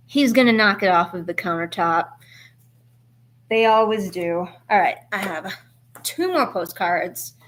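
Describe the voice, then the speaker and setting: A woman's voice: mid-range voice, expressive, unhurried. A woman chatting casually on a live stream as she draws at home, talking to her viewers. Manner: chatty, talks to her cats and chat. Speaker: art streamer. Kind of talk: casual live-stream chat while drawing.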